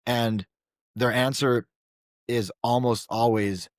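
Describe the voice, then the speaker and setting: A man's voice: medium pitch, fairly even intonation, takes it slowly, no room sound, clean studio sound. A man working as a men's coach, a guest on a podcast, explaining things in an earnest way with repeated checks like "right?". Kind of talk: casual podcast conversation.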